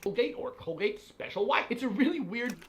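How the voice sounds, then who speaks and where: A young man telling stories in a casual commentary video, animated and playfully exasperated. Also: very high voice, brisk, slight background noise. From United States. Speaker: vlogger.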